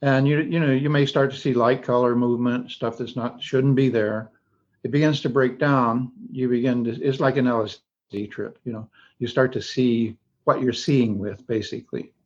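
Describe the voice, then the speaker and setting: Brief: male Zen teacher, mid-pitched, meandering explanations, dull lo-fi audio. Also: fairly even intonation. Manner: slow, meandering guided explanation. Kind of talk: casual group discussion.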